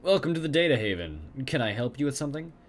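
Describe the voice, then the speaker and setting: A man's voice: mid-range voice, very animated, fast, a little hiss or hum. A man voicing a female dwarf tech vendor in a game read-aloud, speaking in a clipped, put-on German accent. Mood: eager sales pitch.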